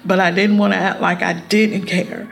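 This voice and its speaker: A middle-aged woman, a mother being interviewed, recalling the past in a restrained way with a gravelly voice. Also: fairly low pitch, level tone, moderate pace. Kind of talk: personal recollection in an interview.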